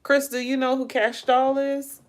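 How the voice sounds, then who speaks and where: A woman's voice: high-pitched, flat delivery, unhurried. A woman hosting a casual livestream, chatting about celebrity news, musing aloud and addressing her viewers directly. She keeps yawning and sounds tired. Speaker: livestream host. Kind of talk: casual live gossip commentary.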